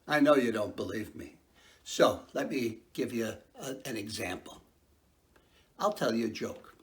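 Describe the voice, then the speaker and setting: A man's voice: medium pitch, a little slow, a bit bright, lightly acted. An actor playing a man who fears he has lost his sense of humor, in a rueful, self-mocking stage monologue.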